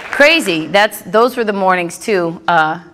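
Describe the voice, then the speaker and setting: A woman's voice: medium pitch, animated, a little slow. A middle-aged woman performing a stand-up comedy set, telling brash stories with punchy asides on a live stage. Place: comedy stage before a crowd. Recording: live club with loud audience. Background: audience laughter and crowd noise.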